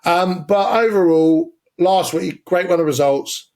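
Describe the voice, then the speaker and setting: A man's voice: high voice, unhurried, darkish tone. A man co-hosting a casual football podcast, opinionated and sweary, laying out his arguments step by step. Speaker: podcast co-host.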